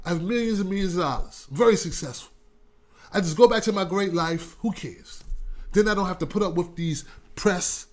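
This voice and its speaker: Boastful wealthy tycoon-politician, self-satisfied and dismissive, as a man mimics him, pitched fairly high. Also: a little fast, darkish tone, natural voice. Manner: bragging, dismissive. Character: boastful rich older male tycoon politician.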